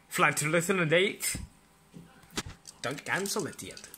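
A reaction host, giving slow, casual commentary on a DVD opening and saying "mate" again and again. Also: medium pitch, very animated, background noise. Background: loud DVD trailer music.

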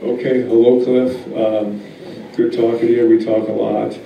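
A wolf biologist speaking plainly at a public meeting, answering questions in a loose, halting way with many fillers. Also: male voice, mid-range voice, little pitch movement, gravelly, muffled recording. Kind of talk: public talk and Q&A. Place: meeting room. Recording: echoey hall from far off, faint noise.

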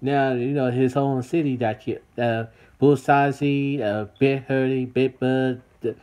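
A man's voice: medium pitch, steady tone, unhurried, a little mellow, clear, resonant tone. Repetitive man vlogging to his viewers. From United States. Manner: repetitive, addresses viewers as everybody. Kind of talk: casual vlog monologue to viewers. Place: city.

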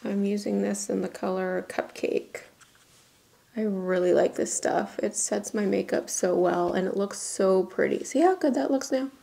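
Chatty young woman with a gravelly edge. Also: mid-range voice, normal speed, dark tone. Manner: chatty, giggly, uses "y'all" and "like" often. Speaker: beauty vlogger. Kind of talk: casual makeup chat. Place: home bathroom.

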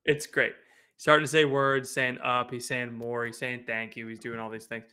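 A young man co-hosting a podcast, chatting about his small son in a relaxed way that trails off softly. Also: mid-range voice, normal speed, smooth. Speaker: podcast co-host. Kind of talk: casual chat.

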